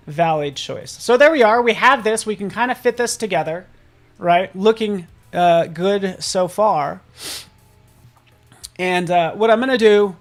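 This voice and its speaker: An upbeat man runs a live software tutorial and talks straight to viewers in the chat. His delivery is casual and playful, and he jokes about himself as he teaches. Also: high voice. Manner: casual and self-joking. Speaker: host and software instructor.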